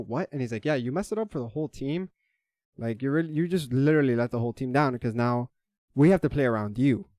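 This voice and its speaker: A man's voice: mid-range voice, warm tone, no room sound, studio quality. A young man ranting casually about a bad online game, heated and swearing, with lots of restarts. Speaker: vlogger. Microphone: desk microphone.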